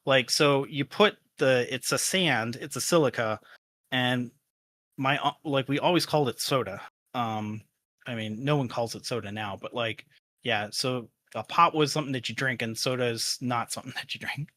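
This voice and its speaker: A man's voice: medium pitch, normal speed, sharp tone. A man from the American Midwest, a podcast guest, chatting loosely with lots of ums and likes. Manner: rambling, many fillers. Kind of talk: casual interview chat.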